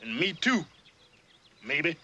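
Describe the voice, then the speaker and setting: A man's voice: fairly high pitch, big pitch swings, slow pace, bright, forceful tone, lo-fi sound, exaggerated voice. An actor with a Southern accent playing an older enslaved fiddler who fawns over his master and scolds a newcomer in a drawling dialect. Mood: stern. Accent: American Southern. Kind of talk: period film drama.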